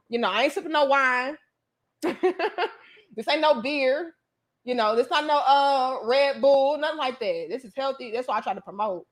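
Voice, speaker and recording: A woman's voice: sits high, a bit bright. A woman hosting a casual livestream chat, talking emphatically with slang and frequent swearing. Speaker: livestream host.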